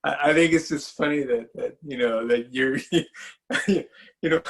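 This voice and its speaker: A man's voice: on the high side, measured pace. A male interviewer reacting with laughter and short replies during a casual chat.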